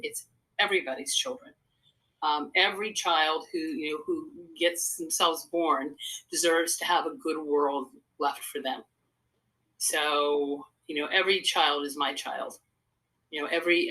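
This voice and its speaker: An older woman, a psychotherapist and speaker, is a guest in a casual interview, earnestly telling stories that ramble from point to point. Her voice is bright and forceful, a little low for a woman and a little slow, and the recording is rough.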